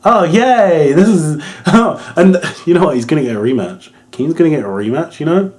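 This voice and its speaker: A man's voice: fairly high pitch, lively intonation, a little fast, mellow. A young man giving a casual, rambling wrestling review, amused and swearing, with lots of ums.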